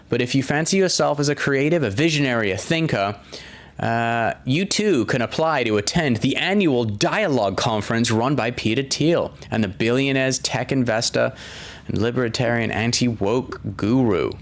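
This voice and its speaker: Rambling, swearing male stream host. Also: medium pitch. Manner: rambling, profane, with many fillers and restarts. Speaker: podcast host reading viewer comments. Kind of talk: casual live-stream chat.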